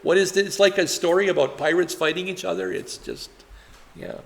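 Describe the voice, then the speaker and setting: A man's voice: sits high, fairly quick, vocal fry, big-room sound. A male pastor leading a conversational Bible study, talking in a chatty way with many fillers and rhetorical questions.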